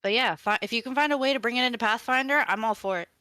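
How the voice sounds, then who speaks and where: A woman's voice: fairly high pitch, very fast, pushed and bright, dry recording. A woman playing in an online tabletop game, playful and indignant in casual chat. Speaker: player.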